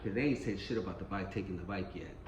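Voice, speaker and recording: A man's voice: deep voice, fast, a little hiss or hum. A man telling a street story in a casual, rambling and profane way, often repeating himself. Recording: roomy echo, faint ambience.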